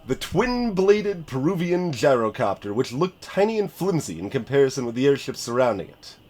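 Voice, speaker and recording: A man's voice: medium pitch, big pitch swings, normal speed, a little mellow. A man streaming a story game, reading its narration aloud and chatting in a self-deprecating way.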